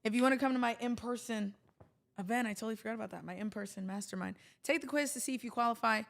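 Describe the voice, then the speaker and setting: A woman's voice: a little high, fast talker, vocal fry. A woman hosting a livestream, talking casually to her viewers in a chatty, rambling way with jokey asides. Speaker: livestream host.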